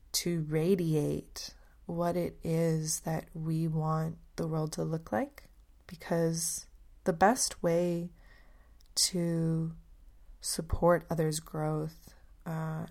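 Low-voiced woman hosting a reflective podcast. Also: a little mellow. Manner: earnest, thoughtful, searching for words. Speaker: podcast host. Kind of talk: reflective solo podcast talk.

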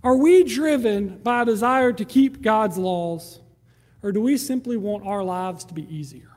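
A man's voice: sits high, measured pace, darkish tone, big-room sound. A man preaching a sermon in a conversational way, acting out prayers and quoted voices. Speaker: pastor.

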